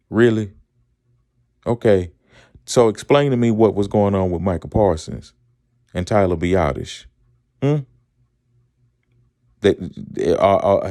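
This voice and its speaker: A man's voice: fairly low pitch, mellow, no echo, studio quality. A middle-aged man, co-hosting a casual sports talk show, asking rhetorical questions and repeating himself. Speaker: podcast co-host.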